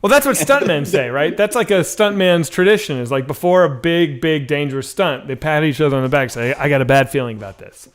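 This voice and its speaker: A man co-hosting a podcast in casual, profane banter, animated and quick to laugh. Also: fairly high pitch. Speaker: podcast co-host. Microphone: streamed podcast mic.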